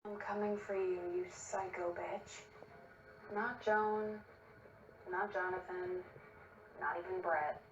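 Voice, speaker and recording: A woman's voice: lowish voice, fairly even intonation, slow, long pauses. A cold, defiant young woman. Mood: defiant threat. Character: fierce young woman threatening a rival. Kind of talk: TV drama dialogue. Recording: distant, dull, roomy TV audio with noise.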